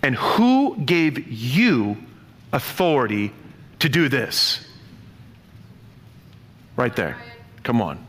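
A man preaching a sermon, lively and playful, acting out the voices in his stories. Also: medium pitch, extremely slow, pauses often. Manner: animated, playful, acts out quotes. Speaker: pastor. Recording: long hall reverb.

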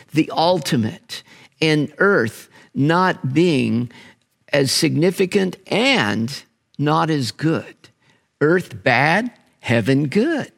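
Slow, animated male preacher with gravelly voice. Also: a little high. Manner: animated preaching, emphatic drawn-out words. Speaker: pastor. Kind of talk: sermon.

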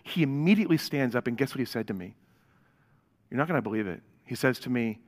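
A man preaching a sermon to a congregation, telling a story and speaking to the crowd directly, moving from hushed to loud and excited. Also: medium pitch, fast talker, long reverb tail. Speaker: pastor.

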